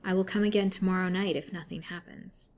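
A woman voicing a gentle but brave young girl in a storybook reading. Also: lowish voice, steady tone, fairly quick, close to an everyday voice.

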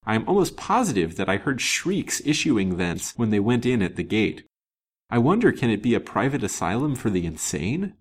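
A man's voice: fairly low pitch, big pitch swings, normal speed, slightly rough. A man voicing a courteous, wary detective in a storybook reading, formal and musing in speech.

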